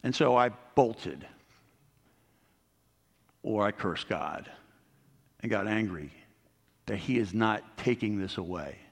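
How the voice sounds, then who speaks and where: A man's voice: fairly low pitch, animated, takes it slowly, vocal fry, pauses often. A middle-aged man preaching a sermon as a pastor, earnest and rising to emphasis on key points. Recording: long hall reverb.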